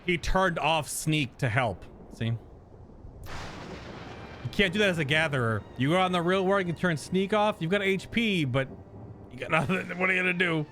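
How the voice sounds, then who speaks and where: A man's voice: a little high, lively intonation, normal speed, long pauses, fairly bright tone, a little hiss or hum. A man streaming a video game, giving a casual, rambling reaction commentary as he plays and laughing often.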